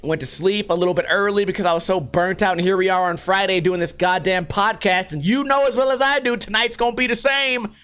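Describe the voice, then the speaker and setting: A man's voice: sits high, fairly even intonation, a little fast, hardly any pauses, fairly bright tone, smooth. A man hosting his own podcast, ranting casually and profanely with a mocking edge. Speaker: podcast host. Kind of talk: casual rant. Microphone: podcast microphone.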